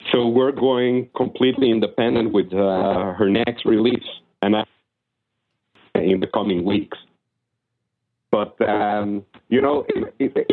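A man calling in to a radio show, talking haltingly with many restarts. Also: lowish voice. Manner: hesitant, many restarts and fillers. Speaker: caller. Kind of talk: casual call-in chat. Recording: tinny phone line.

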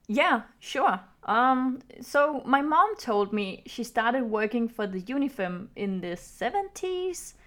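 A woman playing a student podcaster who chats hesitantly and then reads a ghost story aloud in a steady voice. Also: a little high. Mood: casual.

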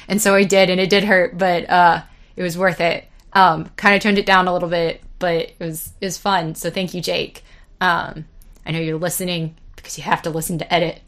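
A woman's voice: on the low side, level tone, moderate pace, a bit bright. Rambling, swearing podcast woman in her twenties. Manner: rambling, swears freely, laughs at herself. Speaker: podcast host. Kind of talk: casual solo podcast chat.

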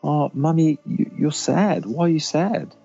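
A man doing a high-pitched sad little boy. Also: measured pace, gravelly, warm tone, slightly rough, muffled recording, faint music behind, exaggerated voice. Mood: concerned. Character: small boy, two-year-old, gentle and sad.

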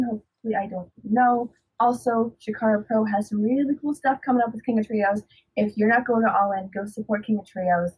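A woman's voice: mid-range voice, slightly rough, rough recording. A woman guest on a podcast, chatty and upbeat as she plugs her work. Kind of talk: casual podcast chat.

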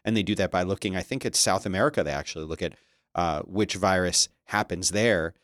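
A man giving casual commentary as a streamer, reading news aloud with sarcastic, animated remarks and frequent laughter. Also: low voice, a little fast, no echo, clean studio sound.

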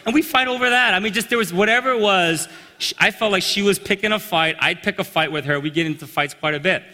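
A man telling a personal story in a sermon, animated and acting out the voices of the people in it. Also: high voice, quick pace. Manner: animated storyteller, acts out quotes. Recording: long reverb in a large hall.

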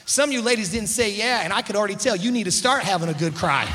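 A man preaching a sermon in a church, emphatic and full of call-and-response, swinging from quiet asides to shouts. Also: high-pitched, fast, hardly any pauses, a little hiss or hum. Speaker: pastor. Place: church sanctuary.

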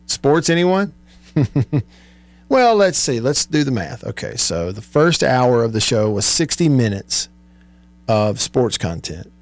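A man's voice: medium pitch, sing-song, slow. A man hosting a sports radio show in a studio, chatting casually, reading listener texts and laughing often. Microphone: studio microphone.

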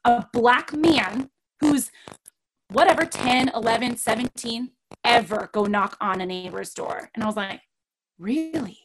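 A woman's voice: fairly high pitch, measured pace, slight background noise, poor audio. A middle-aged woman hosting a podcast, telling a story in casual chat and acting out the voices of the people in it. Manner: animated, acts out quoted voices. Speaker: podcast host.

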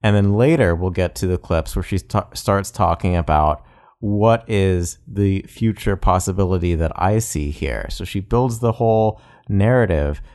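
A man's voice: deep voice, a little slow, a little mellow. A man co-hosting a podcast, casually explaining how a politician tells a story. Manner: explanatory, with fillers. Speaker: podcast co-host. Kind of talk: casual analytical chat.

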